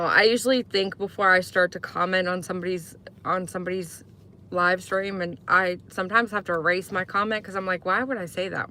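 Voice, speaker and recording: A woman's voice: sharp tone, slight background noise. A woman live streaming in casual chat, talking to viewers and answering their comments. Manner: chatty, answers chat comments, mimics sweet talk in high voice.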